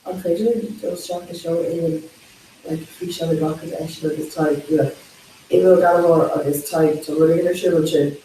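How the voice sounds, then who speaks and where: A man's voice: a little high, steady tone, moderate pace, warm tone. A young man chatting casually with friends, rambling and breaking into laughs as he acts out quotes. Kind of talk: casual chat among friends. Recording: echoey room, mic far off, faint hiss.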